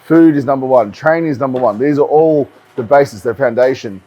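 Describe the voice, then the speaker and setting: Male bodybuilding coach, casual vlog delivery, relaxed and explanatory, average pitch. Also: fairly quick, highs cut off. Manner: relaxed, explanatory, with frequent ums and repeats. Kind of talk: casual vlog talk to camera.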